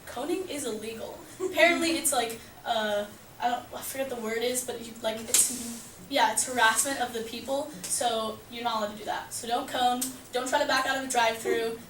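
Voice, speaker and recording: A teenage girl casually telling a personal story to a group, animated and laughing, with a lot of "like.". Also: fairly high pitch, fairly quick. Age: teens. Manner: animated, laughing, heavy use of "like". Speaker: student storyteller. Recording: echoey room, mic at a distance, background noise.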